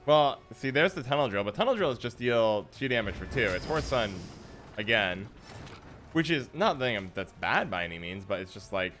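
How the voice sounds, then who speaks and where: A man's voice: mid-range voice, sing-song, moderate pace, fairly bright tone, soft background music. A man streaming a card game, chatting playfully with his viewers and teasing opponents as he plays. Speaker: gaming streamer. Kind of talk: live card game commentary.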